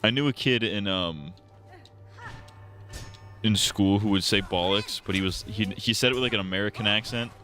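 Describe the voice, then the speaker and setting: A man with a lowish voice chats loosely while he plays a game on stream. He rambles and jokes as he goes, and faint game music plays behind him. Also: moderate pace, long pauses, bright, forceful tone. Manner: rambling, joking, casual. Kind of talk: casual gameplay commentary.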